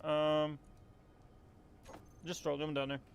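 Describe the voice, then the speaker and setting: Young southern guy rambling while he games, kinda high voice, real smooth, lots of um and like. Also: monotone, takes it slowly, muffled recording. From Appalachian Kentucky, US. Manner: rambling, filler-heavy, drawling. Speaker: streamer. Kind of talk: casual gameplay chat.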